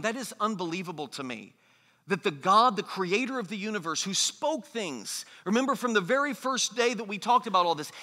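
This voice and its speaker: High, bright-voiced preacher in a reverberant hall. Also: male voice. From United States. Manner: earnest, emphatic preaching with mocking quoted voices. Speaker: pastor. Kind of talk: sermon.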